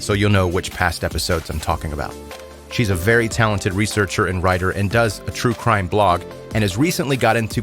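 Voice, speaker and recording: Man, podcast host, lowish voice, faint music underneath, casual intro. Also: a bit bright.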